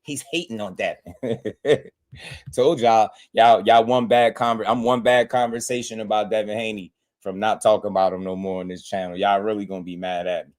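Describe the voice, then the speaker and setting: A man's voice: fairly low pitch, little pitch movement, normal speed, darkish tone. A man hosting a live boxing stream, trash-talking and mocking his chat viewers, laughing often and repeating their names as he taunts them. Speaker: boxing livestream host.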